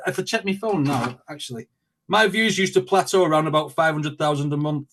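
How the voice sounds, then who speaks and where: Animated man, slightly high voice. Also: brisk. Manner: animated storytelling with quoted asides and laughs. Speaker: guest, reaction video creator. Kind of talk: casual interview chat.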